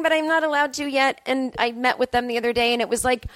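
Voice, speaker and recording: She's a comedian in her thirties, recording a casual one-person podcast in a hotel room, and she talks quickly with hardly any pauses. Her self-deprecating rambling gets punctuated by high, excited voices when she quotes herself, all captured dry.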